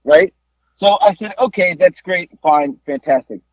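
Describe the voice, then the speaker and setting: A man co-hosting a podcast, telling a story in a casual, animated way and acting out the people he talked to on the phone. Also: sits high, a little slow, dry recording. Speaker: podcast co-host. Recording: dull lo-fi dry sound.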